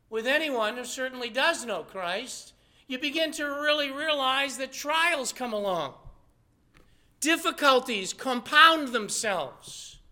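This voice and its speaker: A man's voice: extremely high pitch, sharp tone. A man preaching a sermon as pastor, earnest and conversational, probing his listeners with rhetorical questions.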